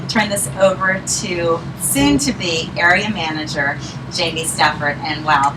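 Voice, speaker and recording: Woman, fairly low voice, encouraging team leader speaking to a room; distant mic and clear noise. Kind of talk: speaking to a live audience.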